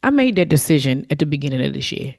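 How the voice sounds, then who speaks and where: A woman's voice: low voice, sing-song, fast, gravelly, darkish tone. A woman hosting her own podcast, talking candidly and from the heart in a reflective solo monologue, with fillers and restarts. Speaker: podcast host.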